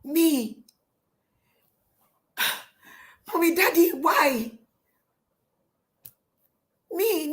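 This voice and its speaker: A woman's voice: high-pitched, pitched above the performer's own voice, exaggerated voice. A woman voicing a desperate young servant girl, pleading and near tears.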